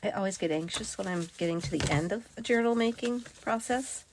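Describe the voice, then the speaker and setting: A woman's voice: mid-range voice, fairly quick. A woman talking casually as she works on a craft project, thinking aloud and sometimes dropping to a whisper. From United States. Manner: chatty, thinks aloud, drops to whispers while working. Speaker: crafting vlogger. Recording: loud background noise.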